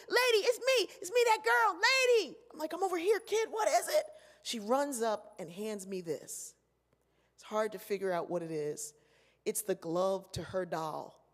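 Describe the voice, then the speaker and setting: A woman giving a keynote address, telling stories and acting out the voices of the people in them. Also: on the high side. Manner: animated, acts out voices in her stories. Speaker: keynote speaker. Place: large convention hall. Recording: echoey hall.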